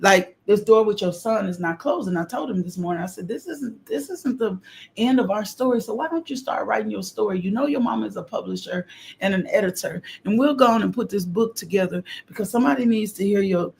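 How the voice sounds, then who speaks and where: A middle-aged woman preaching a fervent morning devotional on a livestream, repeating phrases and breaking into loud exclamations. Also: mid-range voice, brisk, creaky. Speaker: host of a morning devotional stream. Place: home livestream.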